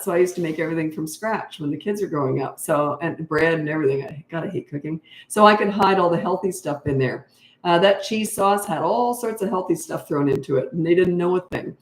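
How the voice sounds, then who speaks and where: Older female parenting coach, chatty and blunt, mid-pitched, recorded in a roomy space. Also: fairly quick. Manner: chatty, frank and laughing easily. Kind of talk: answering interview questions. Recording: roomy echo.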